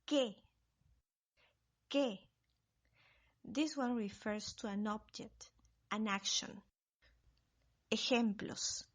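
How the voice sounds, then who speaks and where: A woman narrating a scripted Spanish lesson, reading example sentences slowly and carefully. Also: fairly high pitch. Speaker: Spanish teacher.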